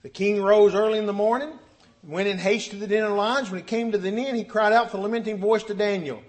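A man's voice: sits high, fast. A man preaching a sermon, telling Bible stories and acting out the quotes. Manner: animated, acts out scripture quotes.

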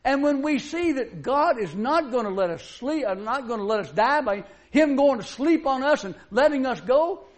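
High-voiced folksy male preacher. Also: animated, normal speed, hardly any pauses. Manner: folksy, conversational preaching with rhetorical questions. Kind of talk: sermon. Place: church service.

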